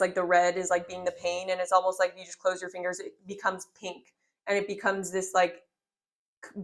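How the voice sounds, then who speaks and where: A woman's voice: lowish voice, fairly bright tone. A woman in her twenties doing a casual tarot reading, talking in a rambling, heartfelt way full of filler words. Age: 20s. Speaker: tarot reader.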